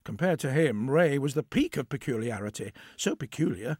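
Lively male storyteller. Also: mid-range voice, moderate pace, slightly rough, dry recording. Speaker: narrator. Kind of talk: storytelling read-aloud.

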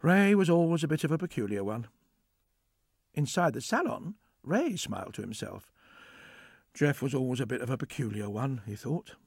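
A man narrating a story aloud, reading in an expressive way. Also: medium pitch, moderate pace, gravelly, husky, dry recording.

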